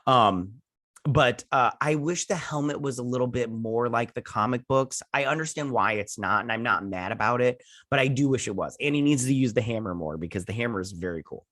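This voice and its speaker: A man's voice: medium pitch, brisk. A man hosting a casual episode review, rambling through the plot with lots of fillers and quoted "he's like" lines. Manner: voices characters' lines in a flat retelling tone.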